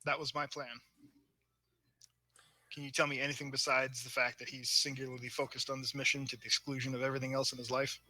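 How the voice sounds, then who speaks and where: A man playing a tabletop role-playing game, halting at first and then giving firm orders in character. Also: medium pitch, little pitch movement, bright, forceful tone, dry recording. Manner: hesitant, halting starts then firm commands. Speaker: player.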